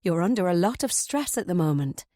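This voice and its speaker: A woman's voice: fairly low pitch, big pitch swings, a little fast, mellow, dry recording, studio quality. Woman reading a concerned young man.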